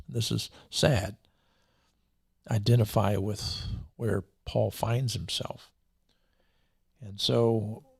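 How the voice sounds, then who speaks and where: A man hosting a show, reading scripture aloud with commentary in a deliberate way, slowing down and repeating key lines. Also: lowish voice, creaky, slightly rough, no room sound, clean studio sound. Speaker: show host and preacher.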